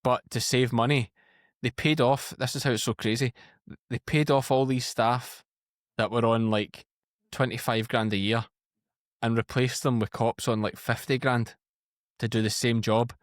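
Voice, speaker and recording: A Scottish man in his thirties, a podcast guest telling lively anecdotes in casual chat. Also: medium pitch, normal speed, no echo, studio quality. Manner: chatty, animated anecdotes. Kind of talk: casual storytelling.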